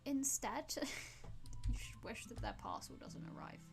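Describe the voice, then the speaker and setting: A woman's voice: fairly high pitch, huge pitch swings, slow pace. A woman live-streaming a game, chatting playfully with her viewers and teasing them in mock outrage. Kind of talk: live-streamed gameplay chat, talking to viewers. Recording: background music playing under the voice.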